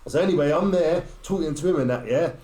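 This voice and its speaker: Guy, podcast guest, streetwise anecdote, fairly high voice, echoey room. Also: fast, mellow. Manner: streetwise storyteller, acting out what people said. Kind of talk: casual anecdote in a podcast chat.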